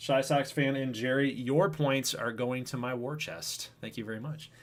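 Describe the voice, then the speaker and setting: A man's voice: medium pitch, steady tone, moderate pace. A man casually hosting a baseball video game franchise livestream, chatting with viewers by name. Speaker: host of a franchise stream.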